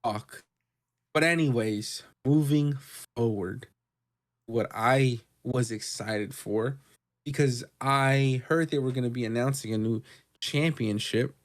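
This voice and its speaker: A man co-hosting a podcast, recapping wrestling in casual, profane, excitable chat. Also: medium pitch, takes it slowly. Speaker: podcast co-host.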